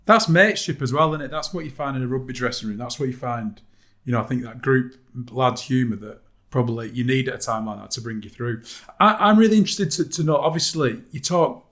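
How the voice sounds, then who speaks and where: A man's voice: medium pitch, fairly quick, fairly bright tone. A man co-hosting a podcast, asking thoughtful, long winding questions in casual chat. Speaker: podcast co-host.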